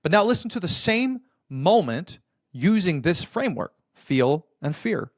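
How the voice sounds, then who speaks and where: Earnest coaching man, higher-pitched, dry sound. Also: big pitch swings, measured pace, no echo. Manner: earnest and coaching, checks in with "right?"; addresses listener as brother. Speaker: podcast host. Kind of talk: motivational marriage advice talk.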